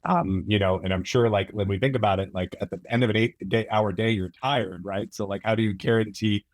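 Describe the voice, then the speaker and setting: A man with a low voice, talking as a guest on a podcast. He agrees readily and explains things at length, padding his speech with fillers and restarts. The recording is dry and close. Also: fairly even intonation, fairly quick, no room sound. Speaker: camera product manager guest. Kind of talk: casual interview chat.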